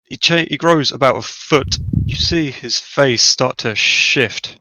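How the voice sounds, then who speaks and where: A man narrating a tabletop game as game master, taking his time over each description. His voice is bright and forward, close and dry. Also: medium pitch, slow, no echo, low-quality recording.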